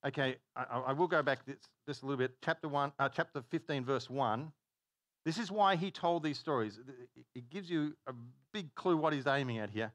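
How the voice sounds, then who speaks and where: A man's voice: medium pitch, a little fast, fairly bright tone, dry recording. A man preaching a conversational sermon, telling stories, stopping himself mid-sentence and acting out dialogue. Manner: chatty, self-interrupting, acts out dialogue.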